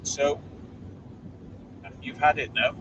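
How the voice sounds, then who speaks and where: A man's voice: fairly high pitch, level tone, takes it slowly. A man hosting a casual live stream from inside his car as he drives, chatting and reading out viewer comments. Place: inside a car while driving. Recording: distant mic with loud car noise.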